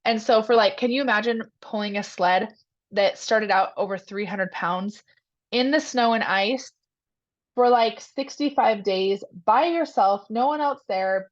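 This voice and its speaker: A woman's voice: mid-range voice, highs cut off. A woman hosting a team call, retelling an inspiring story with many "like"s, talking to the group as "you guys".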